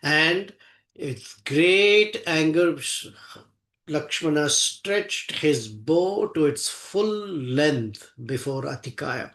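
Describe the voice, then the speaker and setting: A man's voice: fairly high pitch, expressive, drawn-out words, a bit bright. A man telling a sacred epic in a devotional discourse, chanting Sanskrit verses and then explaining them in English, earnest and emphatic. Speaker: scripture teacher. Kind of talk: devotional scripture storytelling.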